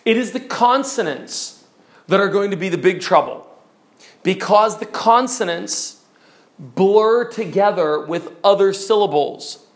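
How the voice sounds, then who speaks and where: Man, high voice, middle-aged, preaching instructor, demonstrative lecture. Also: lively intonation, unhurried. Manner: demonstrative, mimics examples, varies loudness for effect.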